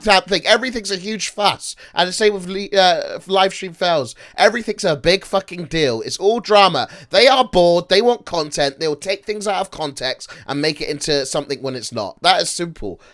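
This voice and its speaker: A man hosting a casual talk show, excitable and stammering, swearing loudly when worked up. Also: sits high, normal speed, few pauses. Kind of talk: casual chat.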